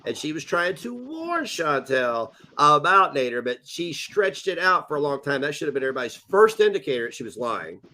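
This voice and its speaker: A man hosts a casual livestream with a lively, swinging delivery and a bright edge. He teases and mocks his guests and his chat. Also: fairly high pitch. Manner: animated, mocking, quick to tease. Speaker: livestream host.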